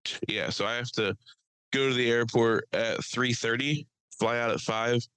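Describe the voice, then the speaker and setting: A man co-hosting a podcast, telling stories in loose, profane, animated chat. His voice sits in the middle register. The sound is dry and close, with almost no room around it. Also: medium pitch, moderate pace, clean tone, no room sound, poor audio. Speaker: podcast co-host. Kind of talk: casual chat.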